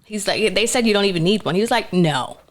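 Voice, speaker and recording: A young actress telling a story in a casual interview, animated and laughing, acting out what others said. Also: female voice, mid-range voice, racing. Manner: animated, laughing storyteller who acts out quotes. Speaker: actress guest.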